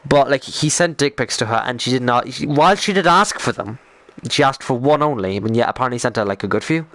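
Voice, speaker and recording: A young Irish man talks loosely on a live stream, swearing often and winding himself up as he goes. His voice sits at an ordinary male pitch. It is recorded close and dry, with no room sound. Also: fairly bright tone, no room sound. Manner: rambling, swearing, quick to get worked up. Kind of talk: casual live-stream chat.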